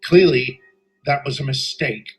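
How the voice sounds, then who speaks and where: A man's voice: medium pitch, a little slow, husky, faint music behind, rough recording. A man voicing a tough, proud male station master, firm and clipped. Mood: stern.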